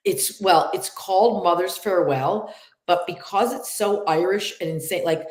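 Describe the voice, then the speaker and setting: A woman's voice: on the low side, moderate pace, echoey room. A middle-aged woman with a nasal upstate New York accent, chatting as an actress guest and telling stories with lots of fillers. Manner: chatty, animated storytelling with many fillers. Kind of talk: casual interview chat.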